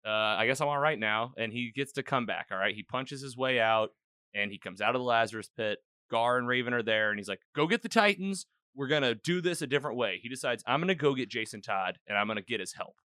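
Man, podcast host, bright forceful voice, dry close sound, rambling recap. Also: medium pitch, quick pace, clean tone, no echo. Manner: rambling, animated retelling with quoted lines. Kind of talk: casual episode recap chat.

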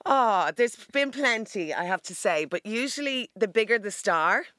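Bright-voiced Irish woman telling stories. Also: mid-range voice, moderate pace, dry recording, studio quality. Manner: lively anecdotal storyteller. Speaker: guest, TV presenter. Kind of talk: casual chat.

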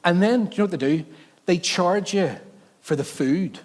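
Animated man preaching in a reverberant hall. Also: high voice, moderate pace. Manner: animated, jokey, self-interrupting. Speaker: pastor. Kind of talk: sermon with humorous storytelling.

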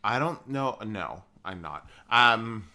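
A man's voice: lowish voice, lively intonation, takes it slowly, sharp tone. A man co-hosting a podcast in casual chat, making dry, dismissive quips. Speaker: podcast co-host.

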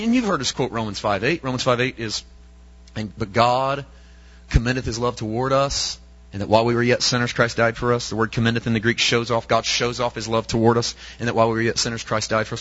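A man's voice: medium pitch, a bit bright, lo-fi sound. A male preacher delivering an emphatic sermon, often asking his listeners rhetorical questions.

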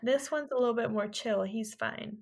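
A woman's voice: normal speed, gravelly. A woman in her thirties from California, co-hosting a podcast and telling stories in casual chat, acting out quotes. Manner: chatty storyteller, acts out quotes in a higher voice. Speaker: podcast co-host.

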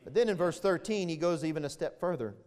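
A man's voice: a little high, expressive, fast talker, a little mellow, long reverb tail. A male pastor preaching an impassioned, emphatic sermon, growing emotional as he goes. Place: church sanctuary.

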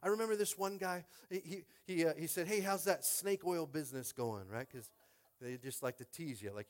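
A man preaching a lively sermon, often asking the crowd "Are you with me?". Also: mid-range voice, a little fast. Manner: animated preaching, repeated "Are you with me?" call-outs. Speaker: pastor.

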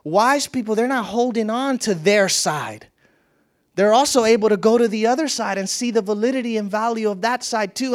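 Spiritual teacher, mid-pitched voice, unhurried storytelling sermon with emphatic repetition. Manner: storytelling, reflective, repeats phrases for emphasis. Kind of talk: spiritual teaching talk with a parable.

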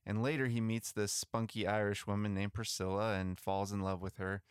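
A man with a fairly low, smooth and resonant voice tells church history stories in a relaxed, chatty way, often restarting his sentences. The sound is close and dry, with no room in it. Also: normal speed, no room sound. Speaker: podcast co-host. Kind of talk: casual storytelling about missionary history.

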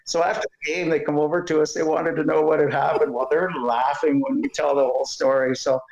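A man's voice: on the high side, a little fast, roomy sound, lo-fi sound. Older man telling stories with a laugh. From Canada. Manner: animated storyteller, laughs often, acts out voices. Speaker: guest, retired umpire. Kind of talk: storytelling interview.

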